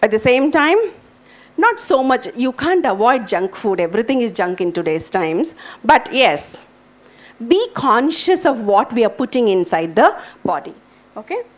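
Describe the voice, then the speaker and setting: A woman's voice: on the high side, sing-song, unhurried. A middle-aged woman, an English professor, giving an earnest lecture to students and speaking to them directly. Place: lecture hall.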